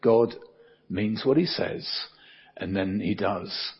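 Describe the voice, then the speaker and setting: An older man preaching a sermon in a conversational way, with many fillers and soft dips for emphasis. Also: fairly low pitch, slow pace, husky, highs cut off.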